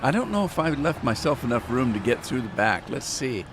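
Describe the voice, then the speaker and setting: A man's voice: medium pitch, very animated, a little fast, noisy background. A man casually talking through a farming game on a live stream, joking with his chat. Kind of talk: casual gameplay commentary.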